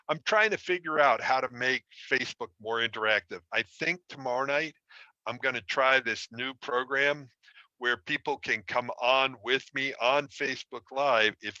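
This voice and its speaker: A man's voice: medium pitch, sharp tone, no room sound, highs cut off. A man teaching an online relationship course, explaining in a conversational way with self-deprecating stories. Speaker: relationship coach. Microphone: streaming from a computer.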